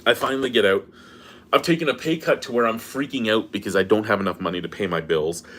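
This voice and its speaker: A middle-aged beer review vlogger vents in an angry personal rant. His voice is lowish and fairly bright, he talks fast, and he sounds profane and exasperated.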